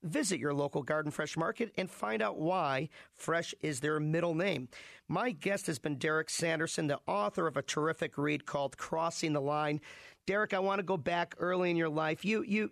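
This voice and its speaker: A man's voice: a little high, vocal fry, fairly bright tone, no echo. A man hosting a radio interview show, reading a sponsor spot and then chatting with his guest. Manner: friendly, reads sponsor copy then chats.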